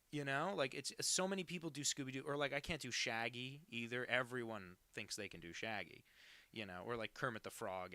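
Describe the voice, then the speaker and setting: A man's voice: mid-range voice, pushed and bright, dry recording. An American man in his twenties, a cartoonist chatting casually on a live stream while drawing, rambling and self-deprecating. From United States.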